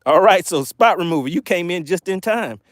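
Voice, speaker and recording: A man's voice: high-pitched, expressive, a little fast, no echo, clean studio sound. A man hosting a live fishing stream from a boat, chatting casually and laughing as he reads viewer comments aloud. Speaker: fishing channel host.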